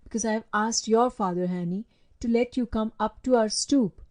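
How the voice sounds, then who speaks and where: A woman's voice: a little high, moderate pace, darkish tone, natural voice. A woman voicing a bold, determined young girl who speaks firmly and decisively in a storybook reading. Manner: firm and decisive.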